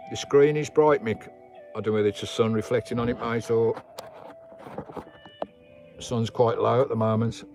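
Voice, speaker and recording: A man's voice: mid-range voice, fairly even intonation, normal speed, long pauses, darkish tone, soft background music. A man hosting a casual live stream from his campervan, rambling between his viewers and his dog. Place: inside a campervan.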